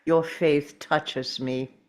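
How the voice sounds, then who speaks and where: A woman reading the part of a fastidious, courteous middle-aged male detective at a table read, speaking in a measured, precise way. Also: sits low, steady tone.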